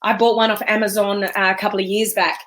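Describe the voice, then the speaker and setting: An Australian woman giving an energetic, emphatic motivational talk on a live stream, chatting with viewers as a business coach. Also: medium pitch, quick pace.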